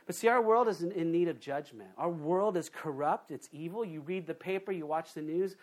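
A man preaching a sermon, animated, moving between loud emphatic points and quiet asides while acting out the voices of people he quotes. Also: on the high side, fairly quick, few pauses. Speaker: pastor.

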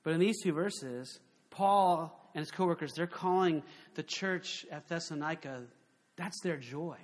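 A man with a high voice preaches a sermon. His delivery is animated and conversational, and he keeps asking the congregation rhetorical questions. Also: a little slow. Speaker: pastor.

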